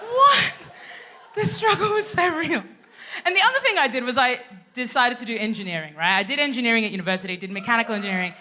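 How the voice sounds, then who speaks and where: A woman in her twenties from Sudan, raised in Australia, performing a lively stand-up comedy set. She acts out the people in her stories. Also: a little high, racing, slight background noise. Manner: animated, acts out quoted people. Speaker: comedian co-host. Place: live theatre stage.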